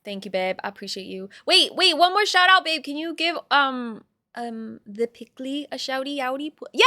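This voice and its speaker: Loud bubbly young woman streamer. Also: high voice, expressive, moderate pace. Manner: loud, playful and bubbly, yelling then dropping to soft asides. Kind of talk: casual live-stream chat with viewers.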